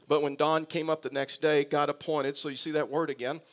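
Male pastor, higher register, earnest emphatic preacher who repeats for effect. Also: little pitch movement, fairly quick. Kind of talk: sermon.

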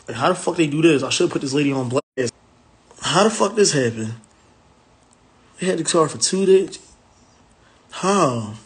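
Brash profane man streaming live. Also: a little high. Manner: brash, profane, rambling street talk. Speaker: livestream host, rental car business owner. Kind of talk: casual livestream talk.

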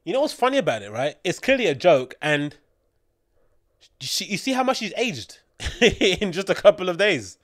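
A man's voice: sits high, big pitch swings, normal speed, no echo, clean studio sound. A man with a British accent, hosting a rambling solo podcast with opinionated commentary full of fillers and digressions. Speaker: podcast host.

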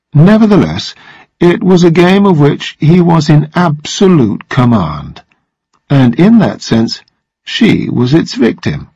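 Husky, expressive male storyteller. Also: on the high side, no room sound, muffled recording. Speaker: story narrator. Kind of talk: storybook reading for language learners.

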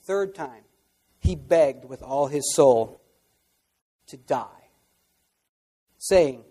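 A high-pitched man delivers a sermon from the pulpit. He moves between hushed asides and loud, fervent outbursts, and a long reverb trails his words through a large hall. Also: extremely slow, long pauses, husky. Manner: preaching with sudden loud outbursts. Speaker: pastor.

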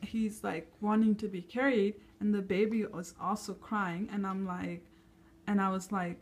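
A woman's voice: mid-range voice, steady tone, normal speed. A young woman, a mother, talking casually to camera at home and soothing her toddler. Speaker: mother vlogging her kids. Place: home, indoors. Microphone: handheld camera.

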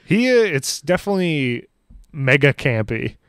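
A man's voice: on the high side, big pitch swings, normal speed, clear, resonant tone, dry recording, studio quality. A man hosting a podcast, chatting casually about a film with easy laughs and short agreements. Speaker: podcast host.

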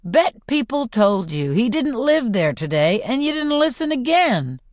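A woman narrator puts on a sardonic middle-aged mentor who drawls with bored dryness. The pitch still moves a lot. The sound is close and dry, with no room around it. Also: sing-song, a little slow, dry recording. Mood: bored, teasing.

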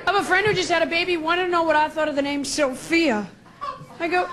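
Woman doing standup, high voice, chatty and snarky, crowd noise, hissy club tape. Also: steady tone, fast. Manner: chatty, conversational, sarcastic asides. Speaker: stand-up comedian. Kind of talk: stand-up routine. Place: comedy club stage. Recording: noisy club recording with audience.

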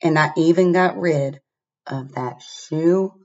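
A woman reading a picture book aloud to children in an animated way, inviting them to spot things, recorded on a laptop webcam. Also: low-pitched, takes it slowly, dull audio. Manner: animated, asks the listener to find things. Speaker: storybook reader.

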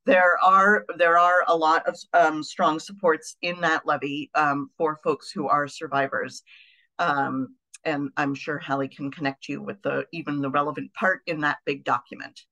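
A woman on staff at an advocacy group, giving an earnest, conversational update at a membership meeting with frequent pauses and ums. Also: low-pitched, pushed and bright, rough recording.

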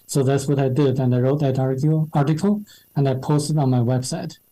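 A man's voice: mid-range voice, steady tone, brisk, warm tone, low-quality recording. A man whose first language is Chinese, a translator answering interview questions with many fillers and restarts. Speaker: guest, translator.

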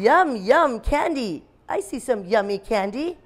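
A woman teacher runs a phonics lesson for young children in an animated, sing-song voice pitched a little high. She lets out dramatic shouts to keep the class playing along. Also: slow, few pauses.

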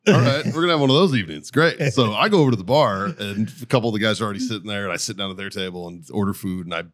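A man's voice: on the low side, racing. A man co-hosting a podcast, telling a story in casual chat, swearing freely and breaking into laughs. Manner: profane, laughing, animated storytelling. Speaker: podcast co-host.

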